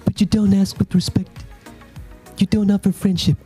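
A man in a talk-show studio doing an impression of an old mafia boss, played as a vain male model, with a slow, brooding, menacing delivery. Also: sits high, little pitch movement, mellow, slightly rough, soft background music, voice pushed up.

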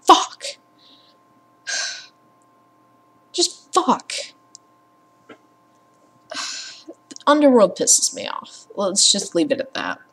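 A woman's voice: mid-range voice, wildly swooping pitch, extremely slow, pauses often, fairly bright tone, breathy edge. A young woman rambling casually as a gaming vlogger at her home computer, sarcastic and prone to swearing and ranting. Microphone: computer mic with headphones.

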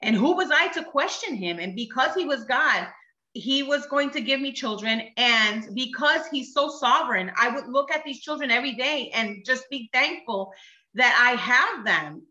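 A woman gives a personal testimony in conversation, telling her story earnestly and with emotion and acting out what others said. Her high, bright voice is animated and forceful at a moderate pace, recorded lo-fi in an echoey room.

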